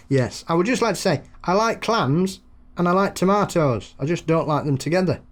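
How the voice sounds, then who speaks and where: A man's voice: high-pitched, lively intonation, measured pace, pauses often. A man co-hosting a podcast in casual chat, telling anecdotes, laughing often. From England. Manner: chatty, laughs often, acts out voices in anecdotes. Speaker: podcast co-host.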